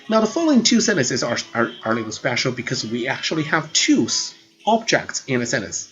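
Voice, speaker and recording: A man teaching grammar speaks at medium pitch and normal speed, very animated and fairly bright, explaining earnestly and repeating words as he goes. He's a language teacher, captured in dull lo-fi audio with faint background music.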